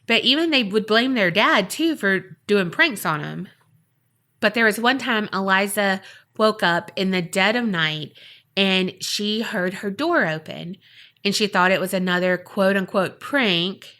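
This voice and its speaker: A woman podcast host tells a spooky story in a relaxed, conversational way. She builds suspense with dramatic pauses and loose, chatty asides. Her voice sits at a middling pitch. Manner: chatty, dramatic, filler-heavy. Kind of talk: casual storytelling.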